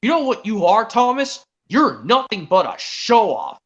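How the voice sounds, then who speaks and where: A man's voice: sits high, huge pitch swings, a little slow, a bit bright, dull audio, voice pushed up, full character voice. A man voicing a proud, boastful big male engine from a cartoon, scolding emphatically.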